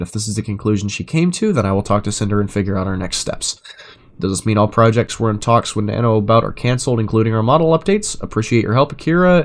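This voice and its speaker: A man reading chat messages aloud in an even, measured way, breaking into loud, sarcastic rants full of swearing. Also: lowish voice. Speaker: commentator reading chat logs.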